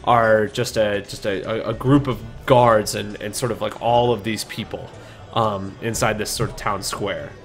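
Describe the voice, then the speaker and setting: A man narrating a tabletop game as game master, halting and restarting often as he describes the scene. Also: lowish voice, fairly even intonation, faint music behind. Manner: halting, full of restarts and fillers.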